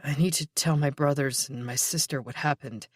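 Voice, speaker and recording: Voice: mid-range voice, steady tone, normal speed, no room sound, clean studio sound, natural voice. Narrator voicing a grieving young man. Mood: strained. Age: 20s. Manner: quiet, shaky, tired replies.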